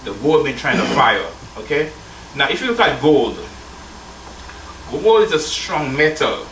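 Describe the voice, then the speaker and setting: Very animated yet measured in pace, a man with a slightly high, somewhat bright voice preaches as a church elder. He reads scripture aloud, calls the congregation brethren, and prompts their responses. The roomy recording from a distant mic carries a little hiss or hum.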